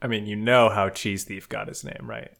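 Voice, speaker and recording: A man's voice: on the low side, fairly even intonation, gravelly, a bit bright. A young man co-hosting a podcast, bantering playfully about a book. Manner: playful, quick to mimic characters. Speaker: podcast co-host. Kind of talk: casual book discussion chat.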